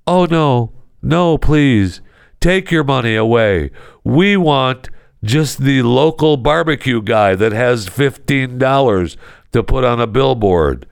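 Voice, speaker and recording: A man's voice: medium pitch, animated, slow, vocal fry, clean tone, no room sound, clean studio sound. A man voicing an overeager, mock-polite TV network executive in a comedy bit. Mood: fawning. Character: fawning male TV network executive.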